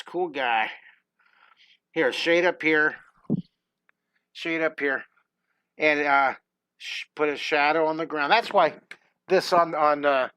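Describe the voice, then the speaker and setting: A man's voice: fairly high pitch, sharp tone, clear, resonant tone, no echo. A middle-aged man teaching a live drawing lesson, chatty and enthusiastic. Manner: upbeat, chatty, enthusiastic with exclamations.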